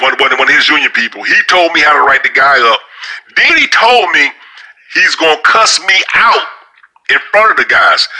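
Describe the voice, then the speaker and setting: A man with a very sharp, tense voice tells a story in a loose, casual monologue. He rambles and stumbles over repeated words, speaking bluntly and with strong profanity. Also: mid-range voice, low-quality recording. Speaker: storyteller sharing opinions.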